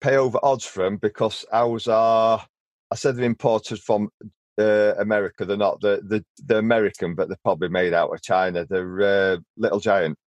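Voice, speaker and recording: A young man who works as a decorator talks shop in a low voice, earnest and rambling, often restarting his sentences. The sound is dry and close. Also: steady tone, moderate pace, no echo. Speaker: painter and decorator. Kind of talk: casual chat.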